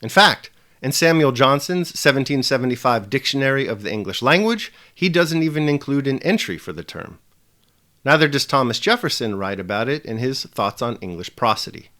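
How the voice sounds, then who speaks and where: Lively-voiced man teaching a lesson. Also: mid-range voice. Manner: measured, emphatic delivery. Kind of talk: scripted video lesson.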